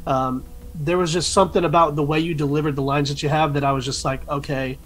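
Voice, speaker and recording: A man co-hosts a relaxed interview and talks like an eager fan. He halts and fills gaps as he speaks, and his voice sits slightly high for a man. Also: soft background music. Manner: enthusiastic fan, halting with fillers. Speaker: co-host. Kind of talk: casual interview chat.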